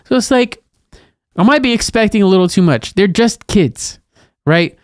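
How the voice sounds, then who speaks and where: A man's voice: high voice, normal speed, no room sound, clean studio sound. A man in his thirties co-hosting a podcast, chatting casually and animatedly about parenting. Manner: animated, acts out scolding a child in a raised voice. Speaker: podcast co-host. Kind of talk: casual chat.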